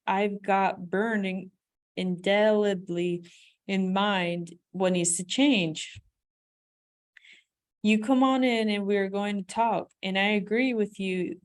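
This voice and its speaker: A woman's voice: medium pitch, natural voice. A woman voicing a wife in a scenario read from a self-help book, speaking in her own voice. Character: grown wife, firm and confident.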